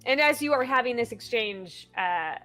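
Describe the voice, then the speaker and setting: A woman's voice: a little high, normal speed. Woman game master, faint music behind. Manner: relaxed, hesitant narration with many fillers. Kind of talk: narrating a tabletop game.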